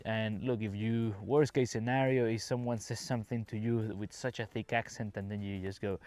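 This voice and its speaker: A man from Venezuela with a Venezuelan Spanish accent hosts a casual podcast for English learners. He talks in a chatty, relaxed way at a medium pitch and slips into acted-out dialogue now and then. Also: normal speed. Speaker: English teacher and podcast host.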